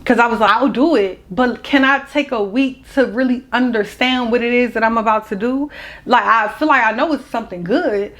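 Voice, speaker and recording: A woman's voice: a little high, moderate pace, a bit bright. A young woman, telling a personal story in a casual, candid and emotional vlog. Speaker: vlogger.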